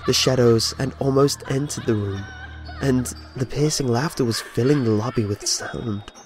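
A man's voice: medium pitch, moderate pace. Male horror narrator, dramatic storytelling, light music bed. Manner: dramatic storytelling with voiced dialogue.

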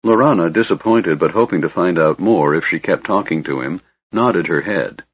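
A man narrating a fantasy audiobook in a measured, even storytelling manner, on a dull lo-fi recording. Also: deep voice, husky, dry recording.

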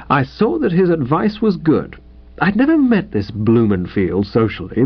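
A man reading a comic first-person story in a wry, chatty manner. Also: medium pitch. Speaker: audiobook narrator. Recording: dull lo-fi audio.

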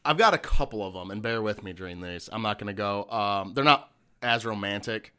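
A man talks casually with a friend, stopping often for fillers and corrections. His voice is low-pitched with a bright, forceful edge. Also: a little fast, clean tone. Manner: hesitant, full of fillers and self-corrections. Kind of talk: casual chat.

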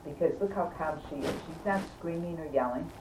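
A woman telling a personal story in casual conversation, emphatic and animated, repeating words for stress and laughing between phrases. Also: low-pitched, a little fast. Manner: animated, chatty, laughs mid-sentence. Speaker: storyteller recounting an accident. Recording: roomy, distant mic, faint background noise.

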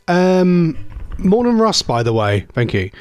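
A man's voice: high voice, big pitch swings, slow pace, a little mellow, clean tone, dry recording. A middle-aged man hosting an internet radio show, rambling and self-mocking in a casual DJ chat. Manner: rambling, chatty, self-mocking, laughs at own jokes. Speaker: radio host.

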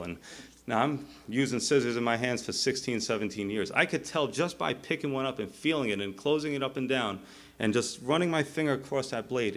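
A middle-aged male pastor preaching a sermon, telling stories and acting out the characters' voices. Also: medium pitch. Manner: animated storytelling, acting out voices.

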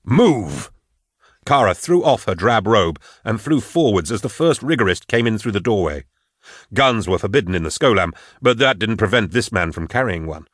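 A man narrating an audiobook in a steady, measured storytelling manner. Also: lowish voice, no echo, studio quality. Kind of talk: scripted narration.

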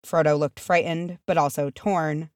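Low-voiced woman narrating a story. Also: steady tone, a little slow, darkish tone, no echo, studio quality. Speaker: audiobook reader. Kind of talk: fan fiction audiobook narration.

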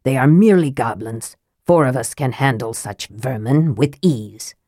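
A stern, haughty knight with a formal, commanding manner, as a woman voices him. The voice drops low and a little distant compared with her narration, in a dry, close audiobook recording. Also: normal speed, warm tone, no echo. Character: stern, proud old-fashioned knight and prince.

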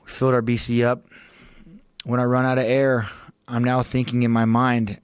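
A man's voice: mid-range voice, monotone, normal speed, clean tone, no echo, studio quality. Swearing man telling a tense story. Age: adult with a young child. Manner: profane, urgent and emphatic, voice rising sharply at peaks. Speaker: podcast guest. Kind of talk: intense storytelling in a long-form podcast.

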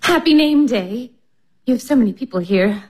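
A woman's voice: on the high side, lively intonation, normal speed, darkish tone, husky. An actress playing a flustered, self-conscious young woman who talks nervously, in a radio drama. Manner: nervous and giggly.

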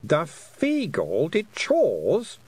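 A man reading an audiobook, voicing a small talking toad with a dry, slow, matter-of-fact manner. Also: a little high, huge pitch swings, a little mellow, slightly rough, pitched above the performer's own voice, heavily acted. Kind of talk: audiobook character voice.

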